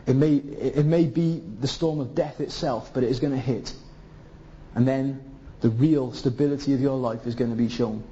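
Impassioned preacher man, mellow voice. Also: medium pitch, steady tone, moderate pace. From Zimbabwe. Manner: impassioned, pleading rhetorical questions. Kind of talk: sermon. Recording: dull lo-fi recording.

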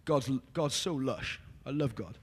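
A man with a Welsh accent preaching a lively evangelistic sermon, joking, swinging from loud calls to soft confiding. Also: medium pitch, measured pace, slightly rough.

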